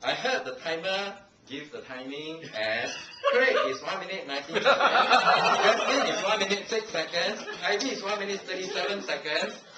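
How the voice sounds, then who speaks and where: A Singaporean man speaks at normal speed with few pauses, his high voice full of lively intonation. In Singaporean English, he offers a playful, teasing language evaluation to a club meeting, laughing often. The recording, from a distant handheld camcorder in an echoey meeting room with a live audience, is noisy.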